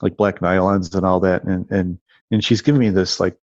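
Low-voiced man telling a rambling story. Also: fairly even intonation, moderate pace, a little mellow, dry recording. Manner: rambling, restarts and repeats words, lots of "you know" and "like". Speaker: guest telling personal stories. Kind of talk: casual storytelling. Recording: dull dry lo-fi recording.

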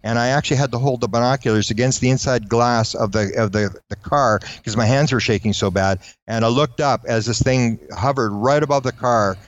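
Male storyteller, quick and animated, does little voices for quoted people; close, dry, slightly dull mic. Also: mid-range voice, dry recording. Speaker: guest recounting UFO encounters. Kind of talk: anecdotal storytelling.

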